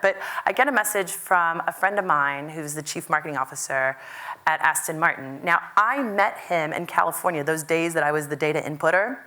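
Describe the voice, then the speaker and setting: A middle-aged American woman from Kentucky giving a chatty, lively keynote talk, acting out what people said. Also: low-pitched, gravelly. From Louisville, Kentucky. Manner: chatty, lively, quotes people in animated voices. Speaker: keynote speaker. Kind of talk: conference keynote storytelling.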